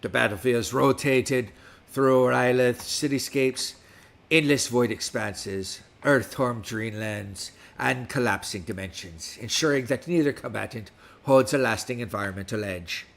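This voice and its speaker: A man's voice: medium pitch, measured pace, gravelly, fairly bright tone. A middle-aged man hosting a casual livestream, talking in a put-on West Country pirate accent. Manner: playful pirate talk, reads stats aloud. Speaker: livestream host.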